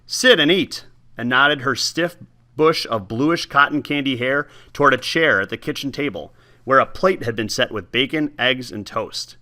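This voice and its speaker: A man reading a novel aloud with lively, expressive storytelling, then talking casually about the book. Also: mid-range voice, normal speed. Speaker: teacher giving book talks.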